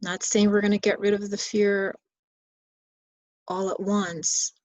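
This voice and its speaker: A woman as a meditation teacher, giving a guided bedtime reflection in slow, soothing, repeated phrases. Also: mid-range voice, flat delivery, a little mellow, dry recording, low-quality recording.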